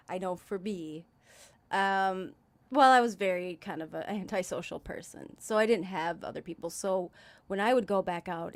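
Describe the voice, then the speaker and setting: A woman hosting a recovery podcast, encouraging her guest. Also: lowish voice. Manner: encouraging, frequent mm-hmms. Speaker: host. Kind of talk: supportive podcast interview.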